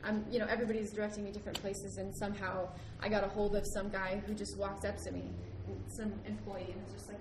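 A young woman tells a story in a lively, chatty voice. Her pitch sits in the middle range, and she laughs easily. The recording is roomy, with noise behind her. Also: quick pace, few pauses. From United States. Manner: animated, laughs often, acts out the people in her story. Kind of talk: casual storytelling.

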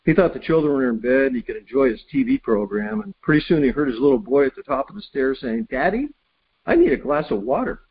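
A man delivers a sermon in a slightly husky voice, telling a homely story before reading scripture aloud. The recording is somewhat dull. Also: mid-range voice, very animated, quick pace, few pauses. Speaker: preacher.

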